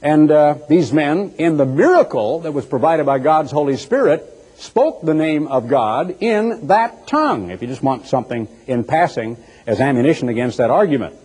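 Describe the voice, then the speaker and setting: A man preaching a sermon in an animated, teasing way, acting out mocking voices as he goes. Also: on the high side, moderate pace, slightly rough. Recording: echoey hall with long reverb.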